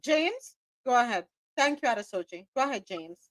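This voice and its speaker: Woman host for a news panel, higher voice, bright and dry. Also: lively intonation, no echo. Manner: brisk, hands the floor to panelists. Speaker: show host and moderator. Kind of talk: live podcast panel discussion.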